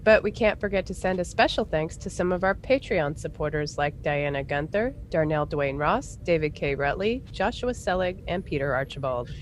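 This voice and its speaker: A woman's voice: low-pitched, animated, moderate pace, few pauses, a little hiss or hum. A woman co-hosting a live podcast, cheerfully reading announcements with frequent laughs. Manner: giggly, reads announcements cheerfully. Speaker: podcast co-host.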